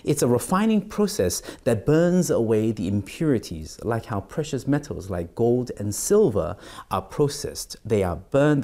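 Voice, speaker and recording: A middle-aged pastor with a warm, medium-pitched voice delivers a devotional sermon and reads scripture aloud. His speech is full of fillers and restarts.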